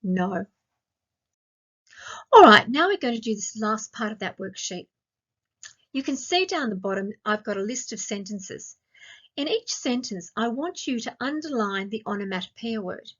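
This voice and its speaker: An Australian woman teaching a grammar lesson to young children, speaking slowly and clearly and asking lots of questions. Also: on the high side, lively intonation, a bit bright. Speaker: primary school teacher. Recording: dull lo-fi sound.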